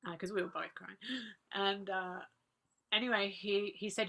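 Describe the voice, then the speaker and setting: A woman, earnestly recalling personal memories as a guest speaker, laughing softly now and then. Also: mid-range voice, level tone, moderate pace, gravelly. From Australia. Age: 40s. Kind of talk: personal reminiscence talk.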